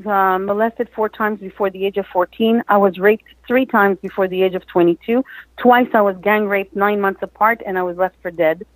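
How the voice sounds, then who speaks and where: A woman speaking as a guest motivational speaker, her voice recorded close and dry with almost no room around it. She tells a personal story earnestly in an interview, rambling and restarting phrases as she goes. Her pitch sits in an ordinary middle range. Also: no echo, rough recording.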